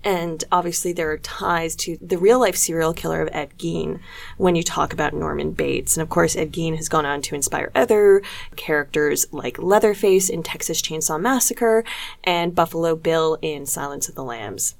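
Lowish-voiced woman discussing films. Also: normal speed, creaky. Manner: analytical, chatty, cites critics and theory. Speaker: podcast co-host. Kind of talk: casual film discussion.

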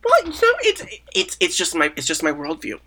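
A man's voice: a little high, huge pitch swings, fairly quick, sharp tone. A man as a comedic podcast guest in an improvised interview, rambling, stammering and justifying himself.

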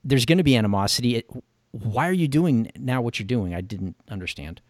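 A man's voice: mid-range voice, animated, brisk, a little mellow, no echo, clean studio sound. A man co-hosting a casual podcast, wry and laid-back as he picks apart a movie's plot. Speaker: podcast co-host. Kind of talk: casual movie-riff chat.

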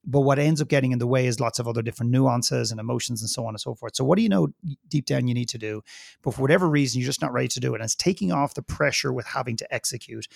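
Gravelly-voiced man, earnest and emphatic. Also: mid-range voice, dry recording, studio quality. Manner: earnest and emphatic, repeats phrases for stress. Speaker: guest speaker. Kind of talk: podcast interview talk.

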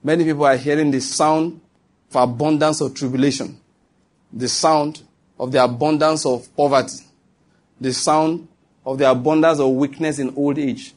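Husky-voiced male preacher. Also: a little high, steady tone, normal speed. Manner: emphatic and repetitive, with asides to the listeners. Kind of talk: sermon to a congregation.

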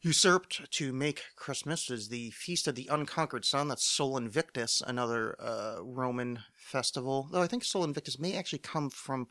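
A man's voice: mid-range voice, moderate pace, hardly any pauses, sharp tone, dry recording. A man hosting a solo podcast, rambling and self-mocking with many fillers and profanity, his throat a bit phlegmy. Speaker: podcast host. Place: home studio.

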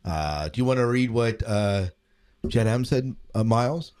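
A man's voice: medium pitch, expressive, unhurried, a little mellow, smooth. A man co-hosting a casual podcast, reading out listener comments and laughing often. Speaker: podcast co-host.

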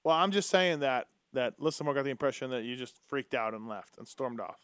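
A man hosting a podcast who teases his guest in a relaxed way. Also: medium pitch, a little fast, clear, resonant tone, no echo, clean studio sound. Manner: teasing, laid-back. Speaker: podcast host. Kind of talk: casual chat.

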